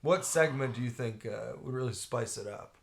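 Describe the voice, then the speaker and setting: A man's voice: mid-range voice, normal speed, vocal fry. A man co-hosting a live movie stream as a comedian, riffing absurd jokes in a dry way. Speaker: comedian co-host. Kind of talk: casual chat.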